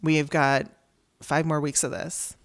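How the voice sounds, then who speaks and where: A woman's voice: low voice, little pitch movement, slow, no echo, studio quality. A woman hosting her own podcast, telling a personal story in a candid, conversational way and acting out the dialogue she quotes. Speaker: podcast host.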